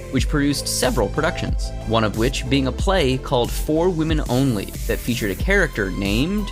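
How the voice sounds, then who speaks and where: A man hosting a podcast, reading a scripted story in a lively storytelling way. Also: medium pitch. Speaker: podcast host. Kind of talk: scripted narration.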